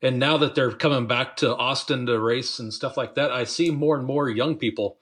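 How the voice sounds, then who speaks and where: A man's voice: medium pitch, moderate pace, a bit bright, husky. A man co-hosting a casual sports podcast, talking in a laid-back way with short replies. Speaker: podcast co-host.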